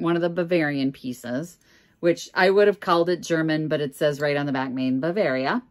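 A middle-aged woman from Minnesota talks casually through her auction haul, candid and chatty with joking asides. Her voice sits fairly low for a woman. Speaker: reseller vlogger. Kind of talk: casual chat.

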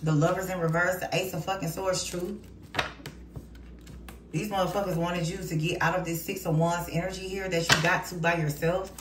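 A woman's voice: fairly low pitch, fairly even intonation, normal speed. Woman doing a tarot reading, cussing, heated, sounds far off with a lot of noise behind. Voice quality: blunt and profane, heated. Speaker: tarot reader. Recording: roomy, distant mic, noisy.

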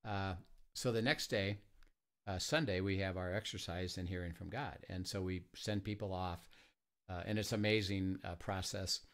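A man who leads a ministry tells stories in a conversation, halting often with fillers and restarts and acting out the quoted dialogue. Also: low voice, steady tone. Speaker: ministry leader. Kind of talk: conversational storytelling.

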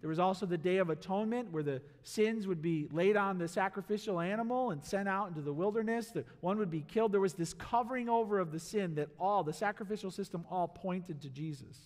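A male pastor preaching a sermon in a church, animated, asking the congregation questions and acting out voices. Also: high voice, fairly quick, few pauses. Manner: animated, acts out voices and asks the crowd rhetorical questions. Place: church sanctuary. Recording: long hall reverb in a church.

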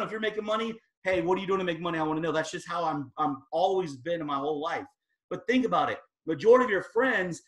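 High-voiced fired-up man giving a pep talk. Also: fairly bright tone. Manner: emphatic and fired up, casual slangy delivery. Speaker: guest speaker at a sales team training. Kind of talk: motivational team training talk.

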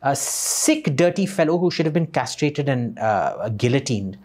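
A man's voice: medium pitch, expressive, normal speed, a little mellow. A man, a podcast guest talking in a blunt, scornful and profane way. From India. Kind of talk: opinionated conversation.

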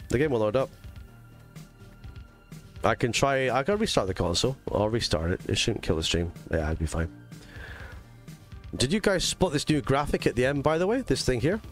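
A man with a mixed English and Scottish accent streaming a racing game live, chatting casually to his viewers with lots of fillers. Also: mid-range voice. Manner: chatty, rambling, talks to chat with fillers. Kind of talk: live gaming stream chat.

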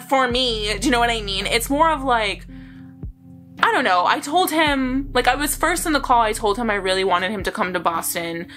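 A woman's voice: a little high, sharp tone. A young woman vlogger telling a story to her viewers in a casual, rambling way, with lots of fillers and bursts of laughter.

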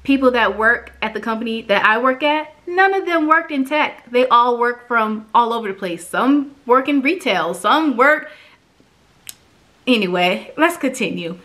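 A young woman vlogging about her own life in a bright, clear voice that sits a little high. She talks casually and with lots of animation, leaping up in pitch when she acts out the people she quotes. She is emotional and close to tears throughout. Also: a little slow. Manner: chatty and animated, acts out quoted dialogue with big pitch jumps. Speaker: vlogger reviewing an online course. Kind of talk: casual personal vlog storytelling.

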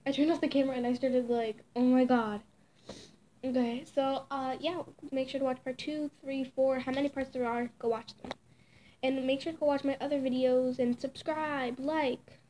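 A woman's voice: sits high, steady tone, moderate pace, warm tone, slight background noise. A woman chatting casually while she plays a game, cooing to a little pet as she goes. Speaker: vlogger. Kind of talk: casual gameplay chat.

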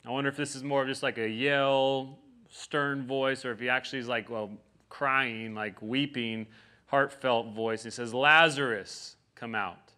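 A man's voice: medium pitch, steady tone, normal speed, pushed and bright. A pastor giving a conversational sermon, often checking in with his listeners by asking "right?".

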